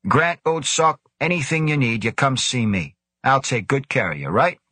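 A man's voice: mid-range voice, animated, normal speed, bright, forceful tone, slightly rough, no room sound, pitched above the performer's own voice. A man voicing a jovial male chef who fixes things for everyone, hearty and friendly. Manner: hearty, back-slapping.

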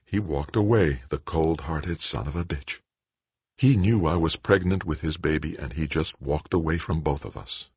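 Male narrator playing a icy, husky, low-voiced avenger, flat delivery, dry close read. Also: normal speed, no room sound, exaggerated voice. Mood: cold. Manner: cold, hushed, flat. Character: cold vengeful bitter woman.

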